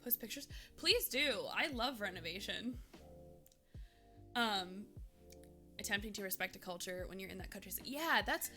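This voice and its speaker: Chatty bright-voiced woman streamer. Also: mid-range voice, animated, moderate pace, pauses often, faint music behind. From Minnesota. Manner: chatty, rambling, many fillers. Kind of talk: casual chat with live chat.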